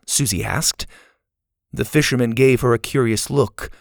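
A man's voice: mid-range voice, unhurried, creaky, no echo, clean studio sound. A man narrating a children's storybook aloud, expressively.

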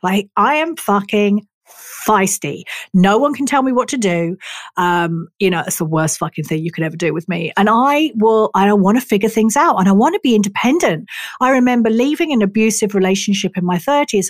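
A middle-aged woman, a talk therapist telling her personal story in a frank, expressive way and swearing freely. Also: medium pitch, dry recording. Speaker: talk therapist and body worker.

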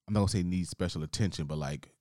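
A man's voice: low-pitched, very fast, a little mellow, no room sound, studio quality. A man co-hosting a podcast, telling a work story in a laid-back, rambling way with plenty of swearing. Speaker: podcast co-host. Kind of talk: casual storytelling.

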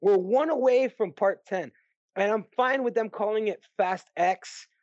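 A man co-hosting a podcast, chatting casually about movies in an animated, ranting way and swearing freely. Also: sits high, unhurried, dry recording. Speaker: podcast co-host. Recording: dry, dull lo-fi sound.

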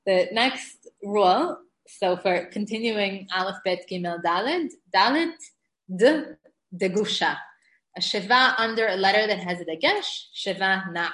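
A woman's voice: medium pitch, expressive, unhurried, fairly bright tone. A middle-aged woman teaching a recorded lesson on Hebrew grammar, explaining rules eagerly and reading verses aloud. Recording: echoey room.

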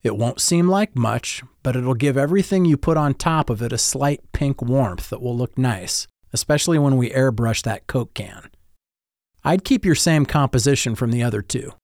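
A scowling art teacher with a soft heart, talking a student through his work calmly and patiently, as a man plays him. His voice sits at a middle pitch. The recording is close and dry. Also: normal speed, dry recording, lightly acted. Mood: encouraging. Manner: calm, encouraging, explaining. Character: gruff but kind male art teacher. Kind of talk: audiobook-style storytelling.

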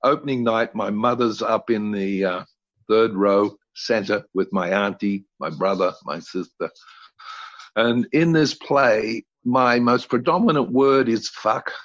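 An older man telling blunt, salty anecdotes as a podcast guest. His voice sits on the low side. The audio is dry and somewhat dull, like a lo-fi remote recording. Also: a little slow, no room sound. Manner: blunt, colorful storyteller who swears freely. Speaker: guest actor.

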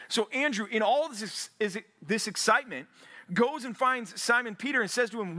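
A male pastor preaching to a men's Bible study, energetic and animated, acting out quotes and building to near shouts when he urges. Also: high-pitched, fairly quick. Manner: acts out biblical quotes in an animated voice. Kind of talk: sermon.

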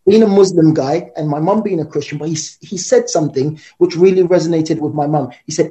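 Man guest, animated storyteller, dark mellow voice, quick delivery. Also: on the high side. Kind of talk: storytelling interview talk.

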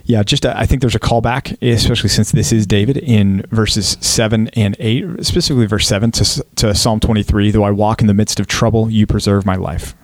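A man from Texas, a pastor co-hosting a casual Bible podcast, explaining passages in a relaxed way and laughing easily. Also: fairly low pitch, a little fast, hardly any pauses, dry recording.

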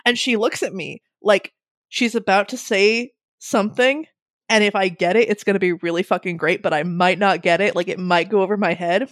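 A young woman telling a funny story in a casual way, animated, laughing often and swearing freely. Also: medium pitch, normal speed, dry recording, clean studio sound.

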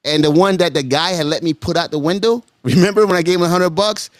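A podcast guest spins a long, animated story for his friends at a quick pace, his pitch leaping up each time he voices the characters. He keeps repeating words, including "hold up, hold up." The mic sound is close and dry, with no room around him.

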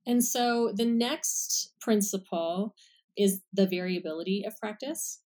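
A woman's voice: medium pitch, a little slow, a little mellow. Woman clinician, podcast guest: casual, friendly step-by-step explainer. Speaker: speech-language pathologist guest.

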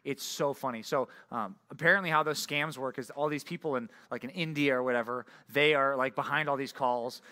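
A man's voice: mid-range voice, fairly quick, few pauses, pushed and bright. A young male pastor giving a casual, conversational sermon, telling stories with lots of fillers. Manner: conversational, filler-heavy storytelling.

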